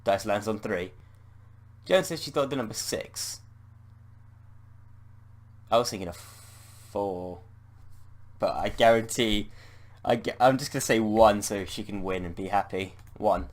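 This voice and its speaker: British man reading a text adventure game aloud as a gamer, slightly low voice, playful, swears at slips. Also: measured pace, long pauses. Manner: playful, swears at slip-ups.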